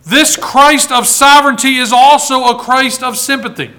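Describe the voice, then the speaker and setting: A man delivers a sermon in a high, bright voice, pressing his points through repetition and pauses. He reads scripture aloud in its old wording, then drives it home to the congregation. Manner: emphatic preaching with repeated words and long pauses. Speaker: pastor.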